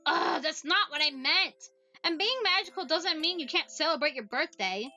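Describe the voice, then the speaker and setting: A woman's voice: sits high, expressive, moderate pace, bright, forceful tone, soft background music, heavily acted. A woman voicing a blunt, impatient young girl who teases her friend in a snappy, sarcastic way in a voiced visual novel. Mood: coaxing.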